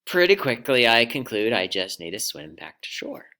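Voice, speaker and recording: A man giving a reflective personal storytelling talk, pausing dramatically between short phrases. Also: mid-range voice, big pitch swings, pushed and bright. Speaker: storyteller speaker.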